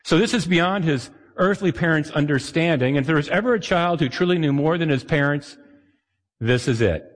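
A man preaching a sermon as pastor, conversational and animated, sometimes acting out the voices of the people he quotes. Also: on the high side, brisk. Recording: long hall reverb.

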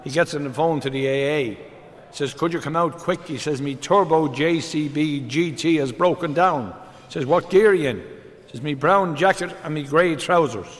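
An older man, telling a string of deadpan one-liner jokes on stage. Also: a little high, moderate pace, big-room sound. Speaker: comedian. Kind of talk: stand-up joke telling.

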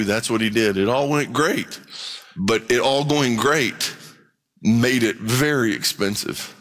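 Animated middle-aged male preacher. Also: fairly low pitch. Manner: animated, dramatic preaching with sudden rises. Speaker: pastor. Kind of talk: sermon.

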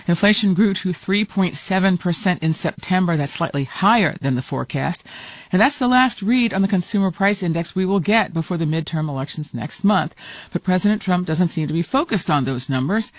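A woman's voice: lowish voice, expressive, brisk, no room sound, muffled recording. Composed woman hosting a radio news show.

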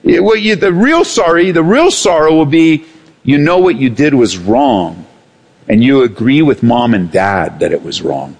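A man preaching a sermon as pastor, animated, swinging between raised and hushed delivery. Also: mid-range voice, unhurried, husky.

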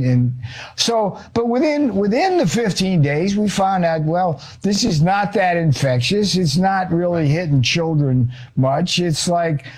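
A male author and economist, a guest on a talk show, telling an animated story and acting out quotes, with casual swearing. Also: fairly high pitch.

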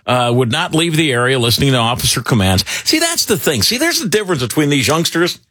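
A middle-aged man hosting talk radio, rambling and animated with lots of fillers. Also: fairly high pitch, fast, dry recording, studio quality. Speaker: radio talk show host. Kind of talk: casual talk radio banter.

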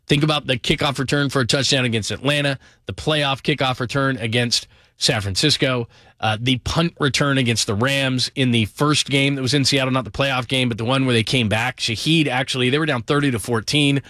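A middle-aged man giving an energetic, emphatic sports talk monologue about football, piling up names and quick asides. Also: medium pitch, no echo, clean studio sound. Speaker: football commentator.

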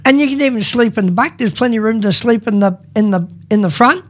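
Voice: medium pitch, fast talker. A radio co-host chatting casually, rambling and repeating his words.

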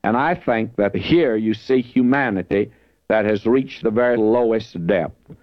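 Male preacher, low voice, earnest Bible teaching, dry muffled lo-fi tape. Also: measured pace, no room sound. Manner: earnest, emphatic, lifts his voice when reading scripture. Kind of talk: verse-by-verse Bible teaching sermon. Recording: dull lo-fi dry recording.

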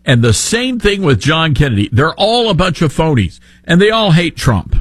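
A man's voice: fairly high pitch, big pitch swings, normal speed, slightly rough, dry recording. A man with a Southern accent hosting a talk radio show, sarcastic and opinionated.

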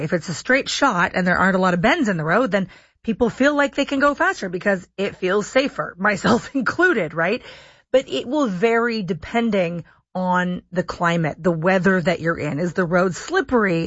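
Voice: mid-range voice, lively intonation, normal speed, fairly bright tone, no room sound, lo-fi sound. A radio host interviewing a guest in a conversational way and asking pointed questions.

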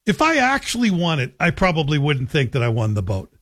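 A man's voice: on the high side, huge pitch swings, fairly quick, a bit bright. A middle-aged man hosting a talk radio show in a chatty, joking monologue. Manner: chatty, joking, self-deprecating. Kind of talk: casual monologue.

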